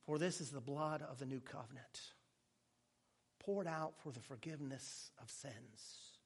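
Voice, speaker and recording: A man voicing a calm, solemn male teacher at supper, speaking quietly, slowly and gently. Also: medium pitch, slightly rough.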